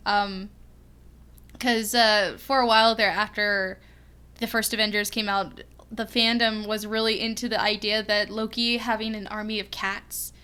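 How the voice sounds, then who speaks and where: A young woman reacting to a series as a fan, rambling excitedly with lots of giggles and restarts. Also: fairly high pitch, clear, resonant tone. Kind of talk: casual rambling reaction vlog.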